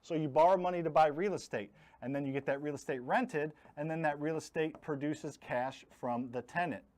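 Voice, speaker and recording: A man's voice: a little high, fairly quick, a little mellow. A man hosting a live online investing class, talking bluntly and jokingly and leaning hard on his key words. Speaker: host teaching real estate investing. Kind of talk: live online training talk.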